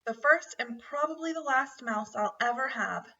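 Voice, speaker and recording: A woman's voice: high voice, normal speed, sharp tone, pitched above the performer's own voice, full character voice. A woman reading aloud and voicing a careful, doubting young boy who speaks with skeptical wonder. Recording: dull, distant home recording.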